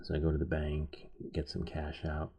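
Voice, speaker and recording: A man's voice: rumbling low, monotone, vocal fry, mellow, husky. A man hosting a soldering live stream who tells a rambling story while he works. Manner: rambling, halting, with many restarts.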